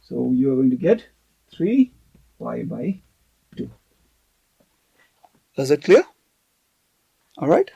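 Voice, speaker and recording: A man's voice: medium pitch, big pitch swings, takes it slowly, creaky, pauses often, warm tone, breathy edge. A man teaching a math lesson on video, explaining step by step and often checking in with "okay".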